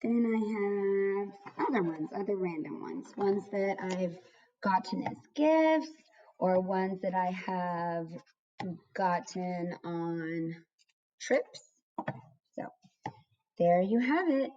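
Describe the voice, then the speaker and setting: A woman's voice: medium pitch, animated, slow, long pauses, warm tone, distant mic. A young woman teaching a kindergarten writing lesson, sounding words out syllable by syllable. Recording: dull lo-fi recording.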